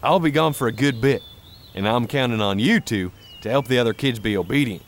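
An actor playing a fatherly camp leader who gives calm instructions. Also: mid-range voice, a little fast, natural voice.

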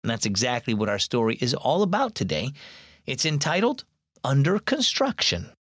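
A man's voice: mid-range voice, huge pitch swings, normal speed, a bit bright, no room sound, clean studio sound. A man hosting a children's devotional, reading a story and answering a child's question in an earnest, friendly way. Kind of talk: scripted narration.

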